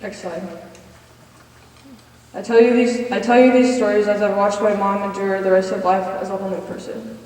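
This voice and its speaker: A woman's voice: mid-range voice, level tone, normal speed, pauses often, dark tone. A woman in her twenties giving a personal testimony in chapel, earnestly reading from notes and cueing slides. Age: 20s. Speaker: college senior speaker. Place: chapel hall. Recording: echoey hall from far off.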